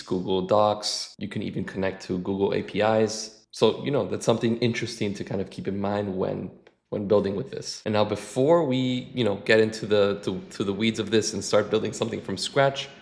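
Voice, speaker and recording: Man, lowish voice, casual tech tutorial host, relaxed with lots of restarts. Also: gravelly. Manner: relaxed, with frequent restarts and filler phrases. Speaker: channel host. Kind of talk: casual screen-share tutorial.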